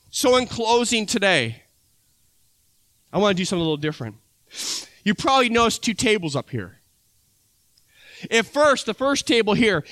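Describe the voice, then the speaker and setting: A man's voice: sits high, bright, forceful tone, clear, resonant tone, no room sound. A man preaching a sermon as pastor, talking conversationally and acting out little dialogues with his listeners.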